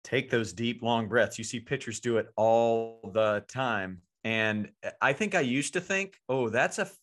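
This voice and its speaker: Male podcast co-host, earnest, conversational, mid-pitched. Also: a little slow, fairly bright tone. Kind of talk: casual conversation.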